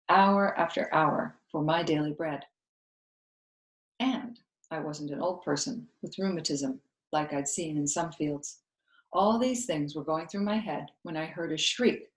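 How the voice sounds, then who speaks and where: A woman, a school co-founder, reading a novel aloud in steady storytelling narration. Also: lowish voice. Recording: roomy echo.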